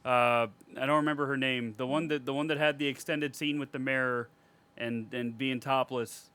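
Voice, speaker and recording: A man's voice: mid-range voice, steady tone, moderate pace, fairly bright tone, clear, resonant tone. A man co-hosting a podcast, chatting casually about a horror movie in a rambling, profane way with frequent laughter. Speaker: podcast co-host.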